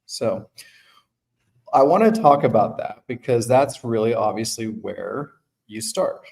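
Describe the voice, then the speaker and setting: A man's voice: medium pitch, animated, measured pace, creaky, a little mellow, poor audio. A man hosting a podcast in casual conversation, working through his points aloud and checking in with his guest. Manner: thinking aloud with restarts and "right?" checks. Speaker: podcast host and management firm owner.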